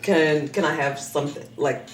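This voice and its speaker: A woman's voice: low-pitched, steady tone, moderate pace, far from the mic, soft background music. A woman in her thirties hosting a podcast, chatting casually, swearing freely and laughing often. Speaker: podcast host. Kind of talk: casual chat. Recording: echoey room.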